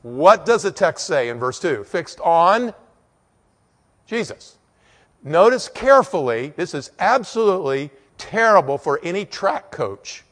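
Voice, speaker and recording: Dynamic preacher, loud peaks and hushed lows. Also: male voice, big pitch swings, normal speed, hardly any pauses, long reverb tail. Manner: dynamic, swings from loud emphatic peaks to quiet low storytelling. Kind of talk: sermon.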